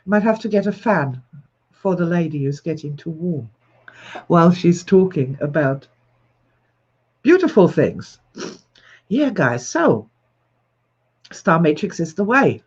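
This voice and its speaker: An enthusiastic, expressive woman in her sixties who laughs often as she hosts a livestream and greets her viewers. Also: fairly low pitch, a little slow, long pauses, breathy edge. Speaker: host. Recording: slightly dull lo-fi recording.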